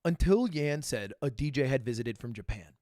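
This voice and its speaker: A young man telling stories casually to his live stream audience, animated and swearing, with loud bursts and mumbled asides. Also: mid-range voice, normal speed, no room sound, studio quality.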